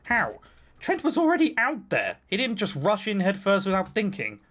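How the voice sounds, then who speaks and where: A man voicing a calm, practical man who takes charge, speaking in a level, reassuring way. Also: high voice, normal speed, heavily acted.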